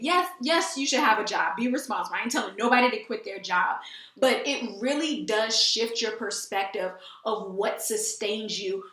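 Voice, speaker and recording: In an echoey room, a teary woman hosts an informal talk about faith. Her mid-range voice is a bit bright, and she speaks with earnest emphasis, frequently repeating herself.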